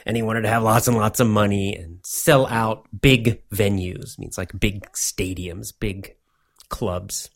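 A man giving a motivational English lesson, speaking slowly in simple words and repeating himself often. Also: fairly low pitch, fairly even intonation, vocal fry. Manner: slow, simple wording with many repetitions. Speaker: English teacher.

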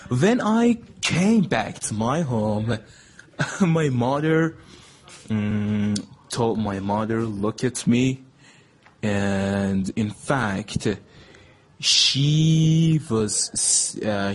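Guy answering questions for his vlog, super slow, stop-start, looking for the words, voice swings up and down. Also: medium pitch, animated. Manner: halting, searching for words in English; laughs often while telling stories. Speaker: vlogger answering a list of personal questions. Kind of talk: casual spoken monologue.

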